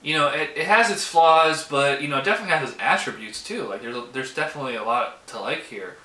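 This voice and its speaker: A man reviews a beer in a loose, rambling way, filling gaps with "like" and "um." His voice sounds very bright and forceful. The room around him is echoey. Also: fairly high pitch, fast talker. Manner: rambling, heavy use of "like" and "um". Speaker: beer reviewer, show host. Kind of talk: casual beer tasting review. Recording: roomy echo.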